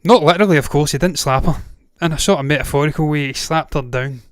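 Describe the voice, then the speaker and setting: A man's voice: fairly high pitch, fast talker, no room sound, studio quality. A Glaswegian-accented Scottish man hosting a movie news show, ranting casually with blunt swearing and frequent digressions. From Scotland. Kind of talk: casual opinionated commentary.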